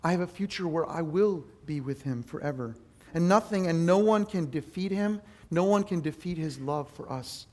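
High-voiced earnest male preacher. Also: moderate pace. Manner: earnest, self-deprecating, animated storytelling. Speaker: pastor. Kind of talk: sermon.

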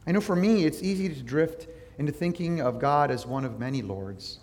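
A man's voice: on the high side, expressive, a little fast, few pauses, a little mellow. Conversational male pastor in a reverberant hall. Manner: conversational teaching with prayer, asks listeners questions. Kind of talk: sermon.

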